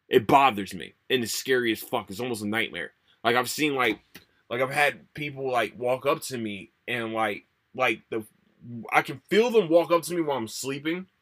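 A young man hosting a solo podcast, rambling and swearing a lot, tired and low on energy. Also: a bit bright. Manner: profane, rambling, repeats himself. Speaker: podcast host. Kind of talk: casual solo podcast rant.

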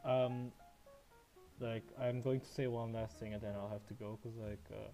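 A man in casual podcast chat over an online call, speaking haltingly with many filler words. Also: lowish voice, little pitch movement, dark tone, soft background music.

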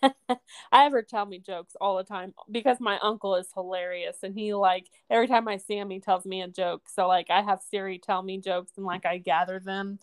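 A woman's voice: mid-range voice, fairly even intonation, normal speed, smooth, dry recording. Woman from the Midwest, casual podcast co-host, easy giggly chatter, dry booth sound. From American Midwest. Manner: chatty, laughs often, fillers like "you know". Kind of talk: casual chat.

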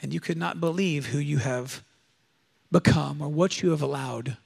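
A man's voice: fairly high pitch, moderate pace, vocal fry, slightly rough. A male pastor preaching a sermon at a church service, emphatic and exhortative, leading the congregation in call-and-response.

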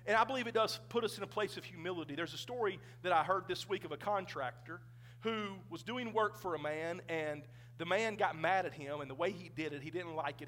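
Male pastor preaching in church; high voice, conversational with the congregation. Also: sharp tone. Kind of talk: sermon. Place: church sanctuary.

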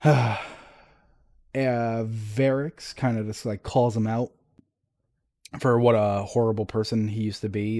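A man's voice: on the low side, flat delivery, a little slow, mellow, dry recording, studio quality. A man talking casually about game lore, rambling with fillers and restarts as he reads entries aloud. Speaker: podcast co-host discussing game lore.

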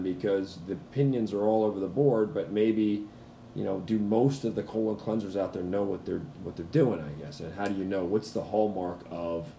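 Deep, gravelly host in an echoey room. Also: male voice, dark tone, a little hiss or hum. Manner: searching, thinks aloud with restarts. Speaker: podcast host. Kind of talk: casual interview talk.

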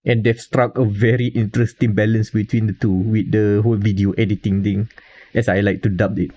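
A man's voice: on the low side, little pitch movement, brisk, mellow, dull audio. A man with a Malaysian English accent, co-hosting a casual podcast panel and talking at length with restarts and small chuckles. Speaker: podcast co-host.

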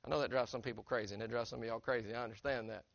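A middle-aged pastor with a drawl preaches with earnest, conversational warmth, often turning to ask his congregation questions. His voice sits at an ordinary male pitch, captured close and dry. The sound is a little dull and muffled at the top. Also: steady tone, very fast, creaky, no room sound. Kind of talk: sermon. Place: church sanctuary.

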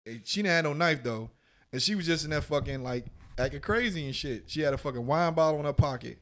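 A man's voice: fairly high pitch, fast. A man co-hosting a podcast, telling a long story in casual profane chat and acting out the other people's lines. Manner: animated, profane, voices other people in quotes. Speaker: podcast co-host.

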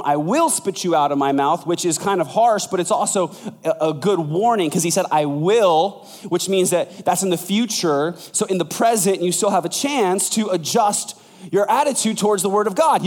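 A man preaching a sermon as pastor, conversational and lively, acting out quoted voices. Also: in a large hall. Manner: animated, acts out quoted voices with big pitch jumps.

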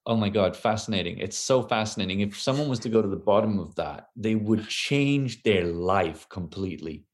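Lowish-voiced guy thinking out loud on a podcast, lots of restarts, voice climbs when he gets into it. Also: normal speed, hardly any pauses. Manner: reflective, restarts often, rises when animated. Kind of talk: casual conversation.

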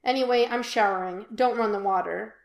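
A woman's voice: on the high side, fairly quick, vocal fry. A woman voicing a curt, dry veteran woman in clipped phrases, in an echoey room.

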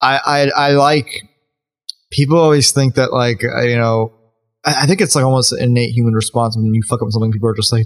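A man co-hosting a comedy podcast, talking in an easygoing ramble. He stumbles through restarts, swears casually and laughs between thoughts, at an ordinary middle pitch. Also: steady tone, fast. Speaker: podcast co-host. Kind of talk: casual chat.

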